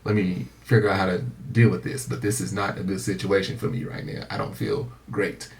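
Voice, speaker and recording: A middle-aged man co-hosting a podcast, telling stories in a rambling, halting way with many fillers. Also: deep voice, little pitch movement. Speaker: podcast co-host. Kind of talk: casual chat.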